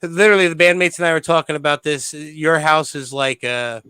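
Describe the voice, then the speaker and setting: Bright, smooth-voiced male podcast host. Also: fairly high pitch, fairly even intonation, a little fast, no echo, rough recording. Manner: effusive, thanking the guest, many fillers. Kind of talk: casual chat.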